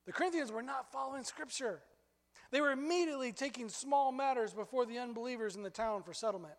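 High-voiced preacher in an echoing hall. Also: male voice, quick pace. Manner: animated storytelling, rising high when excited. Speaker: pastor. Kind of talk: sermon.

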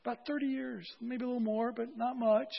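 High husky man preaching casually, church hall reverb, dull sound. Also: fairly even intonation, brisk. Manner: conversational, joking with congregation. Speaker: pastor. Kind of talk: sermon.

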